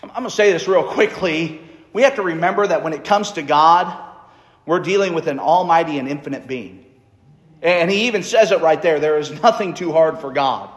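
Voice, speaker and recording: A man's voice: fairly high pitch, a little fast. A man preaching a sermon in a conversational way, reading scripture aloud. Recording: echoey hall reverb.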